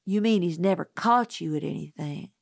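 A woman's voice: fairly low pitch, normal speed, vocal fry, no echo, studio quality. A woman voicing an anxious young girl in an audiobook, pleading and pressing hard. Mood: desperate. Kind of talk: audiobook character voice.

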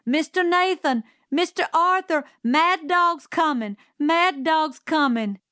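A woman reading aloud who voices a brisk, no-nonsense housekeeper in a storybook, firm and loud. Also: fairly high pitch, no echo, studio quality, voice pushed up, close to an everyday voice. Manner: firm, scolding, calls out loudly.

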